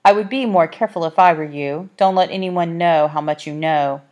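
A woman's voice: on the low side, a little fast, darkish tone, close to an everyday voice. A woman reading the part of a haughty, brusque talking cat, with a dry, clipped, condescending manner in a storybook. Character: haughty brusque orange tomcat guide.

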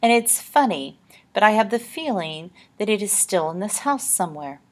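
A woman reading aloud, voicing a genteel, secretive ghost lady from a painting who speaks in a soft, prim, old-fashioned way. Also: mid-range voice, animated, moderate pace, voice pushed up, close to an everyday voice. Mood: wistful.

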